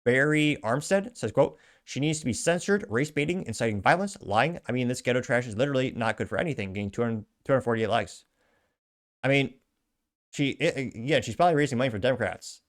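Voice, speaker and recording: A man's voice: medium pitch, expressive, a little fast. A man hosting an online show, reading out viewer comments and adding wry, offhand remarks between them. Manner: wry, offhand asides with chuckles. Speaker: show host.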